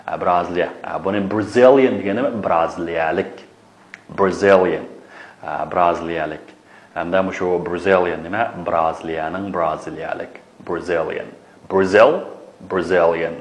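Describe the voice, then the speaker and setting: Low-voiced man teaching English. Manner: repeats words, asks and answers own questions. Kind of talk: classroom lesson, mixing Uyghur and English. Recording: echoey room.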